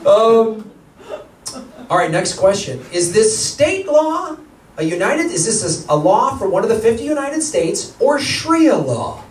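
High-voiced man hosting a comedy game show. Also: sing-song, normal speed, slight background noise. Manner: brash announcer voice with joking asides. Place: theater stage before a live audience. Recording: echoey theater, mic from far off.

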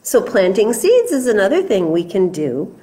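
A middle-aged woman leading children's story time, reading a picture book and singing a seed-planting rhyme in a gently coaxing way. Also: medium pitch, wildly swooping pitch. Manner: slow, sing-song, gently coaxing.

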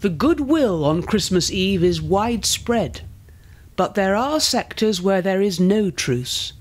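Man, documentary narrator, high voice, measured, faint ambience. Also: sing-song, a little hiss or hum.

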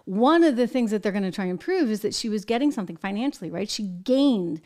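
An American woman hosting a political commentary show, talking in an emphatic, animated way with exasperated asides. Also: medium pitch, fast. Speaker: show host.

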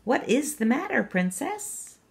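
A woman's voice: sits high, very animated, measured pace, gravelly, voice pushed up, exaggerated voice. Storybook frog, small and ugly, pleading and bargaining, put on by a woman reader. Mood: curious. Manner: earnest, bargaining. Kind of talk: children's read-aloud.

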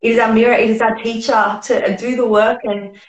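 A woman's voice: a little high, flat delivery, brisk. A woman hosting an interview, speaking earnestly and encouragingly. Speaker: podcast host. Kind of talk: conversational interview. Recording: roomy echo.

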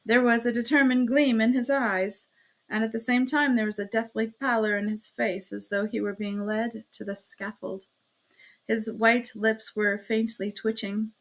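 Lady reading an old novel out loud, steady, chatty asides, voice on the higher side. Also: a little slow. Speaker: audiobook reader. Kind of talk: reading a classic novel aloud.

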